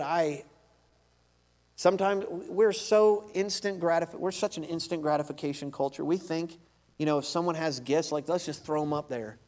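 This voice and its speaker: A man's voice: fairly high pitch, a little mellow. A man preaching a sermon as pastor, emphatic and conversational, often repeating his points. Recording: long reverb of a large hall.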